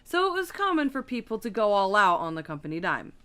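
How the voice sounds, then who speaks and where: A woman co-hosting a podcast, tossing in quick quips and reading out a story in casual chat. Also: medium pitch, sing-song, fairly bright tone, smooth. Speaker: podcast co-host.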